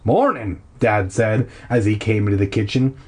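A man's voice: on the low side, steady tone, normal speed, darkish tone. A man casually reading a children's novel aloud, irreverent and laughing at his own slips. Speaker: reader of a children's horror novel. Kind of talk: casual audiobook reading with jokey asides.

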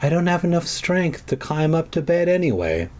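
A man voicing a timid, skinny young girl in a storybook, with a high, thin, wailing voice. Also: big pitch swings, normal speed, darkish tone. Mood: whiny.

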